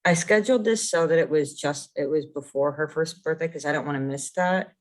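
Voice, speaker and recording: A woman's voice: low voice, brisk. Candid chatty woman podcaster. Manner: candid, chatty, with frequent fillers. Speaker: podcast co-host. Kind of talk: casual chat.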